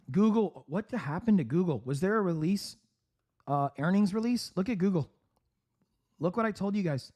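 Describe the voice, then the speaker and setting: Guy doing live market commentary on a stream, kinda high voice, keeps clearing his throat, sore throat. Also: animated, moderate pace, a little mellow. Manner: upbeat, laughs often, clears throat. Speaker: trading livestream host.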